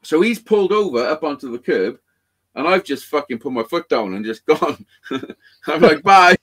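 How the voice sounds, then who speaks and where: A man's voice: a little high, moderate pace, breathy edge. A man telling a rambling, sweary story in casual chat. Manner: rambling, heavy swearing, animated. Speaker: podcast guest storyteller.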